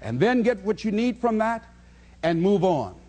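A man's voice: high voice, big pitch swings, moderate pace, dark tone. A man giving a motivational speech in a preachy, rhythmic way, repeating key phrases. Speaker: motivational speaker.

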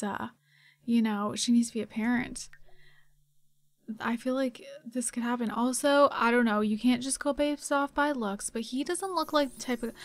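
A young woman giving casual, excitable commentary while playing a life-sim game, chatty and quick to gasp and giggle. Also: on the high side. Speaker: gaming channel host.

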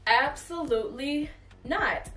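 Chatty high-voiced young woman vlogger. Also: slow pace, far from the mic. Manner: chatty, animated, addresses viewers as y'all. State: has hiccups. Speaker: fashion vlogger. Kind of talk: casual try-on haul chat. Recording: echoey room, voice away from the mic, faint music.

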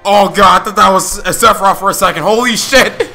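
A hoarse young man reacting live on his channel, excitable, shouting and swearing as he comments. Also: high voice, brisk, faint music behind. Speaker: video host reacting live.

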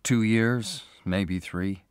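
A man's voice: fairly low pitch, drawn-out words, smooth, dry recording, clean studio sound. Man playing an earnest young lover. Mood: sober. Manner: earnest, reassuring.

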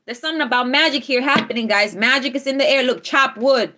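A fairly high-voiced woman hosting a live tarot reading. She talks emphatically and keeps repeating her affirmations, checking in with her viewers after nearly every point. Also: fast talker, few pauses, sharp tone. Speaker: tarot reader.

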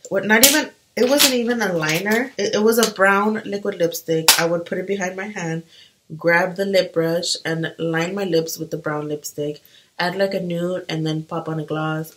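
A woman's voice: on the low side, background noise. A young woman chatting casually while doing her makeup, talking animatedly. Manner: chatty and animated, full of fillers. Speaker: beauty vlogger.

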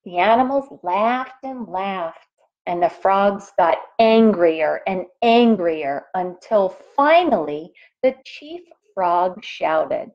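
A woman teacher reads a storybook aloud to children at an unhurried pace, her voice rising and falling expressively. She stops now and then to explain things to her young listeners, and the recording sounds dull and lo-fi. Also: mid-range voice, lively intonation. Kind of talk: reading a picture book aloud to children.

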